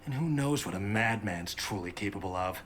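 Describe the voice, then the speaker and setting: An actor playing a bitter, resentful son in a game who talks coldly and grudgingly. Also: male voice, lowish voice, animated, moderate pace, fairly bright tone, a little hiss or hum. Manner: cold, grudging.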